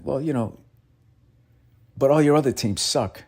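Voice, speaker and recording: A man, hosting a podcast in a loud, exasperated comedic rant full of swearing. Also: medium pitch, a little slow. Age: 50s. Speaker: podcast host. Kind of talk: comedic ranting monologue.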